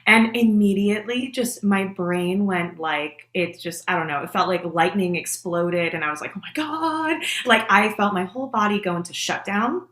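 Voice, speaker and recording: A woman hosting a conversational podcast interview, telling stories in a candid, expressive way. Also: medium pitch, moderate pace, hardly any pauses. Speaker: podcast host. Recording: echoey room.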